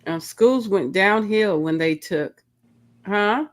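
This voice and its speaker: A woman's voice: medium pitch, slow. A middle-aged woman with a Southern American accent hosts a casual live craft stream, reading viewer comments aloud and exclaiming often. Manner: animated, reads out chat comments, exclaims often.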